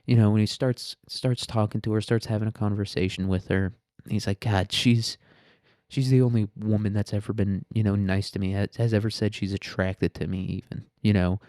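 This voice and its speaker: Low-voiced man, crude and blunt. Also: fairly even intonation, moderate pace, a little mellow, no room sound, clean studio sound. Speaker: podcast host. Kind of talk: casual current-events commentary.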